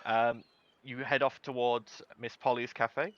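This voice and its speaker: A man narrating a tabletop game as game master, relaxed and improvising with fillers. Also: medium pitch, a little slow, dull audio.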